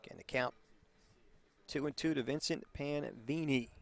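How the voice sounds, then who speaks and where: A man with a Boston accent calling a high school baseball game play by play, getting loud and excited on big hits. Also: normal speed, gravelly. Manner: excitable, rising sharply on big plays. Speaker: play-by-play announcer. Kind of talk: live baseball commentary.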